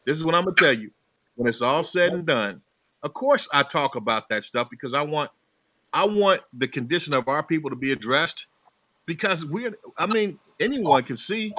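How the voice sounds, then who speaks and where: Man, bright voice, emphatic, insistent, passionate. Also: a little high, expressive, normal speed. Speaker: panelist. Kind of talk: barbershop debate.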